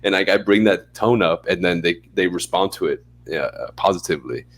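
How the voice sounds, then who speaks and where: A young man co-hosting a podcast in casual chat, relaxed and rambling, often laughing as he talks. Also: deep voice, fairly quick. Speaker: podcast co-host.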